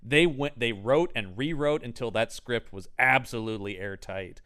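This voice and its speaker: Clear-voiced man dissecting a film. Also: medium pitch, normal speed, fairly bright tone. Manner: analytical, talks in long trailing thoughts. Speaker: podcast co-host reviewing a film. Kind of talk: casual film discussion.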